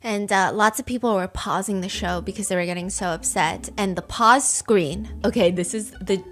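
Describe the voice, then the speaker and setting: A young woman hosting a casual storytime podcast, telling a story with lively acted-out quotes. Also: medium pitch, normal speed. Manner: animated storyteller, acts out quotes. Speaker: host.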